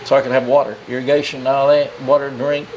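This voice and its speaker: A man's voice: mid-range voice, little pitch movement, quick pace, a little mellow, dull audio, a little hiss or hum, natural voice. A man voicing a boastful, foul-mouthed male crow puppet that brags and makes threats. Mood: bragging. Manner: brash, bragging, threatening.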